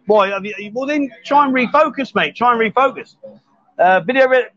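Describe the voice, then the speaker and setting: A man's voice: extremely high pitch, a little fast, fairly bright tone, no room sound, lo-fi sound. A man hosting a live stream from a bar, joking and teasing his guests in casual banter. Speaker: host.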